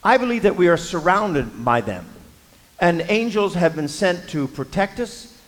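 A man's voice: high voice, sing-song, unhurried, a bit bright. A man preaching a sermon, telling a Bible story in a conversational way with frequent fillers and voiced quotes. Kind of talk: sermon with scripture reading. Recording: long hall reverb.

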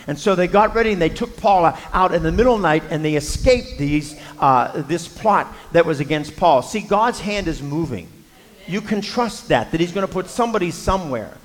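A man's voice: on the high side, expressive, brisk. A man preaching a sermon, telling a Bible story in a conversational way with frequent fillers and voiced quotes. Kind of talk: sermon with scripture reading. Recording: long hall reverb.

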